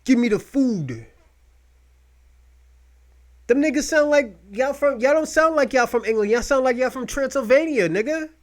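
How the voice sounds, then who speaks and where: A man hosting a podcast, talking in loud, rambling, mocking rants full of profanity. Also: very high-pitched, lively intonation, moderate pace, pauses often. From United States. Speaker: podcast host. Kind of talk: profane casual commentary.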